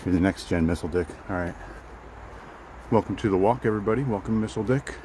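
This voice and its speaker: A man's voice: fairly low pitch, quick pace, warm tone, a little hiss or hum, poor audio. A man casually chatting with live viewers while walking outdoors in the woods, rambling and repeating himself. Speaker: vlogger hosting a live walk.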